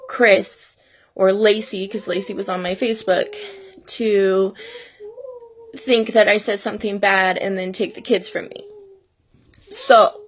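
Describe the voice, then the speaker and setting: A woman vlogger in her thirties talking earnestly and tearfully about her children and family, pleading with parents. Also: medium pitch. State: crying at times. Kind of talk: emotional personal vlog.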